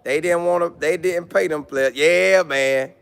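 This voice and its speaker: A man's voice: on the high side, unhurried, creaky, slight background noise. A man chatting casually on a live stream, reading comments and riffing with jokes and repeated lines. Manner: animated, jokey, repeats lines, mock voices.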